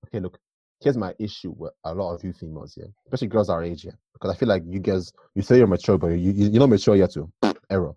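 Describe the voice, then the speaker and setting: A young man on a casual podcast, teasing and animated, often repeating himself. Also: low-pitched, fast talker, breathy edge, no echo, highs cut off. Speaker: podcast co-host. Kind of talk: casual chat.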